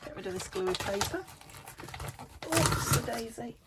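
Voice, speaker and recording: A woman from the UK, a craft vlogger, chatting casually to camera and thinking aloud as she works, with soft half-whispered asides. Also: fairly high pitch, expressive, measured pace, very noisy. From United Kingdom.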